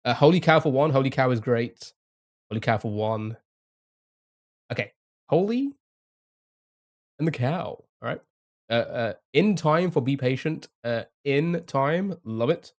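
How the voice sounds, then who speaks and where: A man's voice: mid-range voice, unhurried, a little mellow. A young man streaming a game live, thinking aloud, chatting to viewers and laughing often. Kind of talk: casual live-stream commentary.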